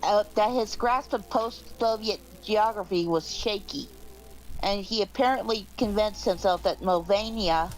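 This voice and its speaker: A woman reading a text aloud on a casual stream, halting and restarting as she goes. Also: mid-range voice, a little hiss or hum, poor audio.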